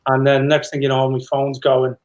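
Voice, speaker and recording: A man's voice: mid-range voice, completely flat delivery, moderate pace, low-quality recording. A middle-aged man, a former footballer, telling anecdotes in a rambling casual chat with many restarts.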